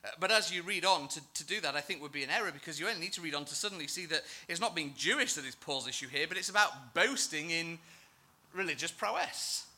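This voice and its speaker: A male church minister delivering a sermon, earnest and emphatic, with a self-deprecating touch. His voice sits a little high and sounds very bright and crisp. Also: expressive, fast.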